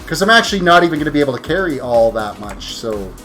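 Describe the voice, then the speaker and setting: Very animated, fast and a bit bright, a man with a higher voice streams a game live as faint music plays. Though tired, he chats casually with viewers, rambling and self-correcting throughout his play.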